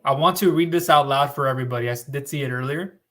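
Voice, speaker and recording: A man's voice: mid-range voice, quick pace, a bit bright. A man hosting a casual live stream, talking in a rambling, emphatic way and reading viewer comments aloud. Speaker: host. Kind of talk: casual livestream talk to viewers.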